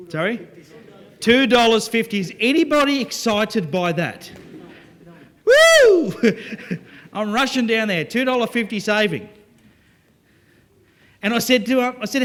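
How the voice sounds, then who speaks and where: A man giving a lively, joking sales talk to a live audience. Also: very high voice. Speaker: business speaker.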